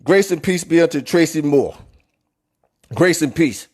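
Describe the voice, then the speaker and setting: A man delivers a Bible lesson in an emphatic preaching voice. He rereads verses slowly and repeats himself for emphasis, his voice sitting a little high for a man. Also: lively intonation, darkish tone. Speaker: Bible teacher. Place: New York City.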